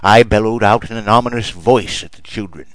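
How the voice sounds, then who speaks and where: A man's voice: lowish voice, fairly quick, dry recording, rough recording. A man preaching a mock sermon in a storytelling manner.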